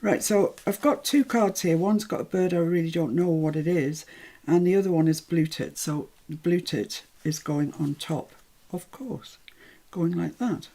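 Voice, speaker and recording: Chatty English woman, a little breathy. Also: lowish voice, a little slow, hardly any pauses, dark tone. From England. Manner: chatty, self-deprecating, thinks aloud while working. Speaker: craft tutorial host. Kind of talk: live crafting demonstration, chatty.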